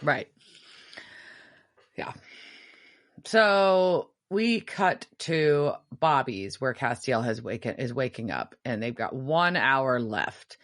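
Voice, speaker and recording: Woman, low voice, swooping animated delivery, casual episode recap. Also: slow. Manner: animated storytelling, acts out quotes. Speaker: podcast co-host.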